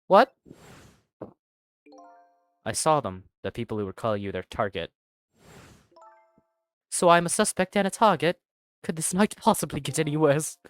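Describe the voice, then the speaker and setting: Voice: medium pitch, animated, normal speed, long pauses, no echo. A streamer reading a game's dialogue aloud and joking and swearing between lines. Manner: reads characters' lines, then jokes and swears in between. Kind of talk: playing a game and voicing its dialogue aloud.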